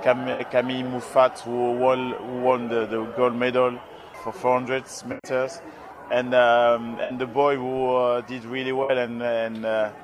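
A hoarse man with a French accent answers questions at a busy event, talking haltingly with many fillers and restarts. His pitch sits in the middle range for a man. A loud crowd murmurs behind him the whole time. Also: flat delivery. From France. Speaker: interviewee, former rugby player. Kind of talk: live interview.

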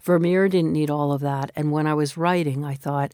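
A woman's voice: low-pitched, steady tone, moderate pace, few pauses, a little mellow, clean tone, no echo. Thoughtful novelist woman, dry close sound. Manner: thoughtful, reflective, conversational. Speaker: novelist guest. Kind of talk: interview conversation.

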